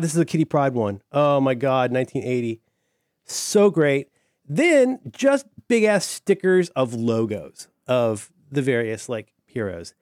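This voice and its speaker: Animated middle-aged man, dry close sound. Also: mid-range voice, dry recording. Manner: enthusiastic, rambling with fillers and restarts. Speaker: podcast co-host. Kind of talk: casual chat.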